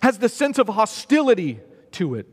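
A man's voice: sits high, big pitch swings, normal speed. A man preaching a sermon in an emphatic way, repeating phrases for stress. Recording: long reverb of a hall.

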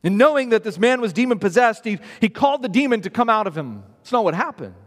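A man's voice: high-pitched, big pitch swings, fast talker. A man preaching a sermon in an emphatic way, repeating phrases for stress. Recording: long reverb of a hall.

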